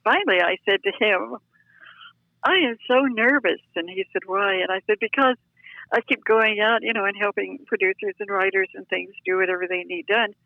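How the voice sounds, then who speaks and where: An older woman telling lively, self-deprecating stories as a guest, heard over a phone line. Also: mid-range voice, normal speed, gravelly, dry recording. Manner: chatty, self-deprecating, animated. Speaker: guest storyteller. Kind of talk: anecdotal storytelling.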